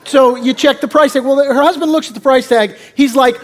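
A man's voice: very high voice, fairly even intonation, a little fast. A male pastor preaching a conversational sermon that mixes jokes into the teaching, talking with lots of fillers and restarts.

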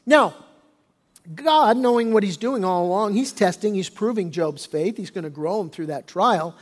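A man's voice: high-pitched, moderate pace. A man preaching a sermon as pastor. He explains things conversationally and often restarts his sentences. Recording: long reverb of a large hall.

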